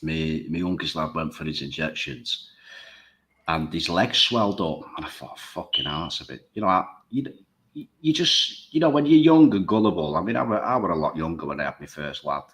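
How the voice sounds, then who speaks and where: A man's voice: very deep voice, animated, a little fast, a bit bright. A man talking bluntly and emphatically in a casual chat show, swearing freely.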